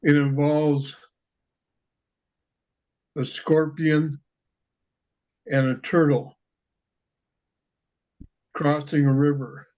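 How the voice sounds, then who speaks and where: A man with a slightly high voice drops dry quips, speaking very slowly and deliberately. His video-call audio is dull. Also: flat delivery. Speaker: participant in a Zoom class.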